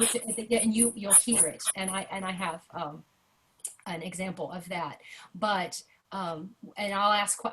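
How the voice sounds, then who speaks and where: A woman's voice: medium pitch, a little hiss or hum. Chatty woman teaching jazz singing. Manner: chatty, animated, sings rhythm syllables to demonstrate. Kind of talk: online workshop lesson. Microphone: video call.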